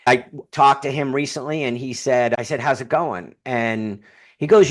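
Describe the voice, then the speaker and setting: A man who is a guest on a podcast, speaking as a humor consultant, telling stories in a sarcastic, animated way. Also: mid-range voice, moderate pace. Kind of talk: casual podcast interview.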